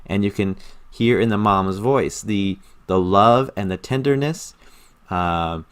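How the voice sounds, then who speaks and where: A man with a somewhat low voice talks through his study routine in a casual screen-recorded tutorial. He sounds earnest and enthusiastic, often repeating words to stress a point. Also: unhurried, smooth. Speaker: language learner explaining his study method.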